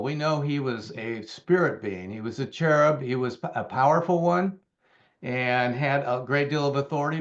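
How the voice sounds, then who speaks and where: Male Bible teacher, mid-pitched, conversational and emphatic, mildly muffled recording. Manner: conversational, with fillers and emphatic repetition. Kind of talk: Bible teaching, reading and explaining scripture.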